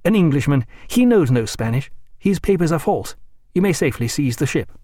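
A man voicing a sharp-witted male ship's doctor in an audiobook, curt and precise. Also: on the high side, big pitch swings, a little fast, no echo, clean studio sound, voice pushed up.

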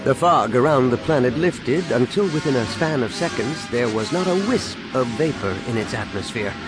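Male narrator, mid pitch, very lively intonation. Dramatic audiobook reading, music under it. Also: normal speed. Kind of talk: scripted narration. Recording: music clearly behind.

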